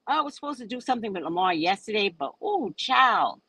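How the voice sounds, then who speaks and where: Brisk and husky with a medium pitch, an older New Orleans host chats casually with live viewers in her native accent. She tells stories animatedly, her voice swinging up and down, on a dry, low-quality recording.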